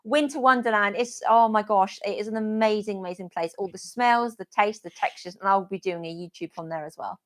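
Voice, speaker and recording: A woman's voice: medium pitch, fairly quick, few pauses, a bit bright. Gushing, chatty British woman vlogger. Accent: British English. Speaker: vlogger and stream host. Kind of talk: casual live-stream chat.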